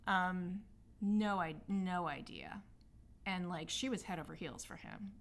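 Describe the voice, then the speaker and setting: A woman's voice: lowish voice, unhurried, creaky, a bit bright. A woman sharing a personal story in a candid, reflective monologue, speaking loosely with many fillers and openly apologizing for past mistakes. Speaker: healing arts practitioner hosting a personal podcast.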